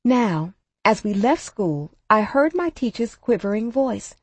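A woman narrating a memoir aloud in a measured, reflective storytelling manner. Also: fairly high pitch, big pitch swings, slightly rough, no room sound. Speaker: audiobook narrator.

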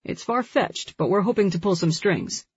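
A woman reading the lines of a calm, matter-of-fact father who is a lawyer. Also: mid-range voice, normal speed, husky, dry recording, full character voice. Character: steady older father, a lawyer. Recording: dull lo-fi recording.

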